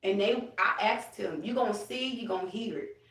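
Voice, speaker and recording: A woman chatting casually to her viewers during a livestream, animated, and now and then speaking to her late grandfather. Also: mid-range voice, normal speed, far from the mic. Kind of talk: casual live chat. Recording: roomy, off-mic phone audio.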